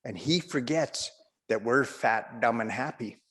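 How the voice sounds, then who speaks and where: A male comedian tells a rambling stand-up anecdote at an easygoing storyteller's pace. His voice sits in a middle pitch. The recording has a long, lingering reverb. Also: measured pace, a bit bright.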